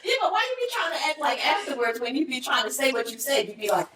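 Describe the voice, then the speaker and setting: Blunt female co-host, a little higher voice, recorded from a distance in an echoey room. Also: animated, fast, fairly bright tone. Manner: blunt, frank, swears. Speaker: podcast co-host. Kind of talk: casual chat.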